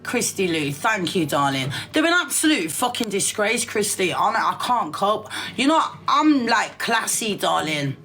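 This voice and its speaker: Brash swearing woman, bright voice. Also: medium pitch, sing-song, a little slow, few pauses, soft background music. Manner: brash and profane, calling everyone darling. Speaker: livestreamer. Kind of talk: casual rant on a livestream.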